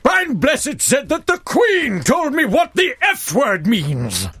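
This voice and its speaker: Man impersonating a loud bellowing older actor, high and drawn out, theatrical and over the top. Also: wildly swooping pitch, full character voice. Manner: shouted, drawn-out bellowing delivery.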